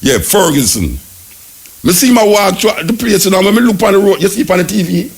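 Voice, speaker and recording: A Jamaican man from Jamaica, hosting talk radio with animated, ranting commentary. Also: sits high, a little fast, breathy edge.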